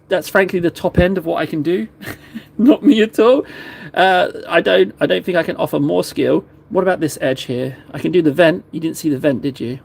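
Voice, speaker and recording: A chatty man streaming himself at work, talking viewers through every small step in a loose, playful way. His voice sits a little higher than most men's and moves freely as he jokes along. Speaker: streamer painting miniatures. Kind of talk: casual live-stream chat.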